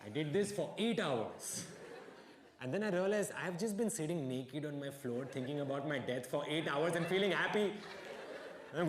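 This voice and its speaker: A man's voice: fairly high pitch, brisk, crowd noise. A young man telling stories in a stand-up comedy set, acting out the dialogue as he goes. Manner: animated storytelling with acted-out dialogue. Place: comedy stage with audience. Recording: echoey venue with background noise.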